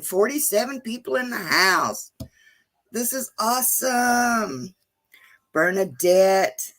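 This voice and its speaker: A woman's voice: mid-range voice, a bit bright. A woman hosting a casual livestream, chatting to viewers, reading names from the chat and laughing often. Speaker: channel host reading live chat.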